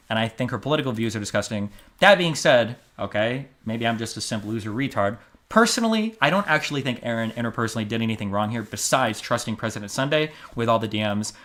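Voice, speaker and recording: A man in his thirties from the United States, livestreaming blunt commentary in a mid-pitched voice. He stresses key words hard and loud, then drops to muttered asides. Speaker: streamer. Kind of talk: livestream commentary reading a court transcript.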